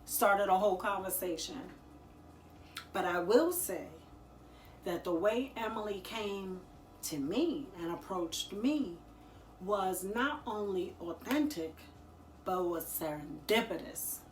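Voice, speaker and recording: A woman talking casually to the camera, giving business advice in a chatty, slangy and expressive way, laughing often. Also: medium pitch, slow pace, a little hiss or hum. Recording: echoey room.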